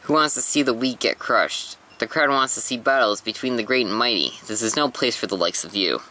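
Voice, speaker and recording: A man's voice: medium pitch, a little fast, bright, forceful tone, close to an everyday voice, poor audio. Arrogant gladiator, read by a man, sneering. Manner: sneering, scornful. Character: arrogant male gladiator champion.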